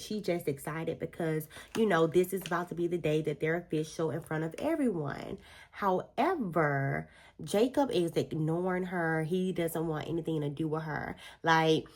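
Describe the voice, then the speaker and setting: A woman's voice: on the low side, a little mellow. A woman vlogger chatting through a book review while doing her makeup, telling the story expressively with slangy asides.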